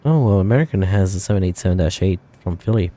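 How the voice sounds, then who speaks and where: A man's voice: deep voice, expressive, quick pace, warm tone. A man streaming a flight simulator, thinking aloud in casual chat with viewers and rambling with fillers and self-corrections.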